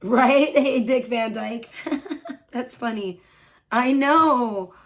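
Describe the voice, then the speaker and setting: A woman's voice: on the high side, extremely slow. A woman hosting a live stream, chatting, laughing and greeting viewers as she comments on clips. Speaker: livestream host.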